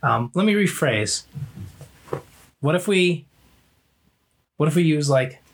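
A man's voice: fairly high pitch, animated, slow, a little hiss or hum. A man co-hosting a podcast, patiently explaining a subject through everyday comparisons in casual chat. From United States. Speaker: podcast co-host.

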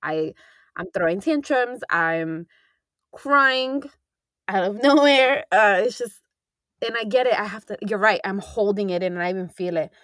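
A young woman talks in a loose, candid, rambling way, full of fillers and the occasional swear word. Her voice sits at an ordinary middle pitch. The recording is dry and close, with almost no room sound. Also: unhurried, a bit bright, dry recording. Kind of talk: casual chat.

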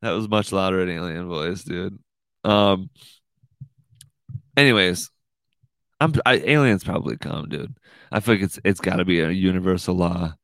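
A man's voice: low-pitched, moderate pace, long pauses, fairly bright tone, no room sound. A man hosting a casual livestream podcast, rambling and swearing, saying "dude" a lot. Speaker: podcast host.

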